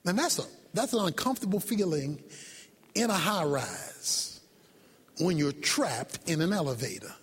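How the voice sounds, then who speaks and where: A male preacher delivering a sermon, shouting his points with emphasis, then dropping to soft low asides, acting out sounds and asking rhetorical questions. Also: big pitch swings, measured pace, husky, in a large hall.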